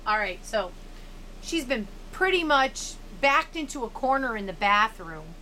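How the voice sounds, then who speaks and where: A woman's voice: on the high side, sing-song, measured pace, sharp tone, a little hiss or hum. A woman reading a middle-grade novel aloud. She stops now and then to explain and sum up, and she lifts her voice for the characters' lines.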